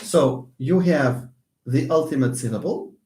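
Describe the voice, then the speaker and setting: A man's voice: a little high, animated, a little slow, noisy background. A man with a Moroccan accent giving a classroom lecture as a university English teacher, mixing in Arabic and French and repeating key words for emphasis.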